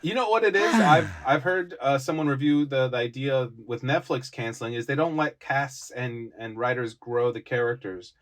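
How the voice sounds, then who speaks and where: A man's voice: mid-range voice, moderate pace, hardly any pauses. A man co-hosting a podcast, chatting casually in an easygoing way. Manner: easygoing, laughs along. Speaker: podcast co-host. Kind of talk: casual chat.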